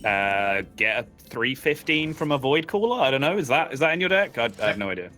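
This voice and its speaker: Bright-voiced wry male co-caster. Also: mid-range voice, very animated, a little fast, soft background music. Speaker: esports co-caster. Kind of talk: live game commentary.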